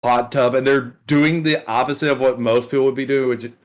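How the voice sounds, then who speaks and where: A young man chatting loosely on a combat sports podcast. He rambles and restarts his sentences, leaning on "like" as he works through his points. His voice sits at an ordinary middle pitch. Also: fairly even intonation, brisk. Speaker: podcast co-host. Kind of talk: casual combat sports chat.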